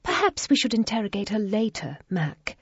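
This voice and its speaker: A woman voicing a gracious, calm and curious lady in a storybook reading. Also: medium pitch, normal speed, slightly rough, dry recording, highs cut off, pitched above the performer's own voice, heavily acted. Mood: composed.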